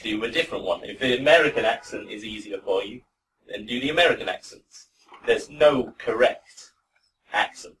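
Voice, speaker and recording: A man teaching pronunciation in a classroom, relaxed and encouraging with his students. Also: mid-range voice, moderate pace, a little hiss or hum. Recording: voice from far off.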